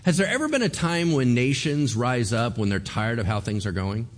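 A man preaching a sermon as pastor, animated, acting out the voices of figures in the story. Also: medium pitch, normal speed.

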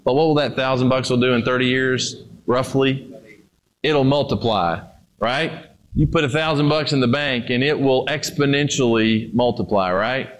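A man preaching a sermon. He talks straight to his congregation and asks them questions, rising to emphatic lines and then dropping to low, quiet ones. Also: normal speed. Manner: speaks to the congregation directly, with questions. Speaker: pastor.

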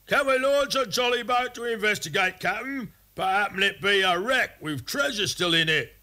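A man voicing an excited young pirate lookout, calling out high and drawn-out from the mast. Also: exaggerated voice. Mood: keen. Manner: high-pitched, stretched-out calling.

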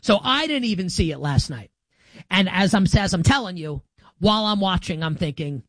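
A man's voice: expressive, normal speed, fairly bright tone, dry recording. Emphatic sarcastic male sports talk host. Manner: sarcastic and emphatic, with wide swings in pitch. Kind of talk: opinionated sports talk monologue.

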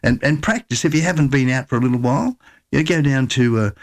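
A man's voice: mid-range voice, fast talker. An upbeat, chatty Australian man hosting a radio show and giving travel tips. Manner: chatty and upbeat, with repeated restarts. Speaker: radio host. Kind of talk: casual advice and radio presenting.

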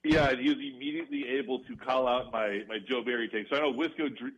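A man's voice: mid-range voice, very animated, fast, gravelly, poor audio. A young man co-hosting sports talk radio, rambling casually with fillers and laughs. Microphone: studio radio mic.

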